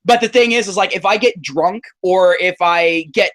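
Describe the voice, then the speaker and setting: A man's voice: high-pitched, moderate pace, a bit bright. A man from the southern United States hosting a casual livestream chat over a call, joking and profane, with lots of stammered restarts. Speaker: YouTuber. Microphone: call microphone.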